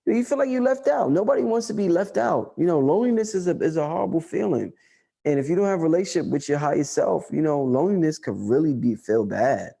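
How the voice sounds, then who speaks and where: A man hosting a casual livestream chat, talking loosely and profanely, repeating lines for emphasis and rising to excited highs. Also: quick pace, vocal fry, husky. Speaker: livestream host answering chat.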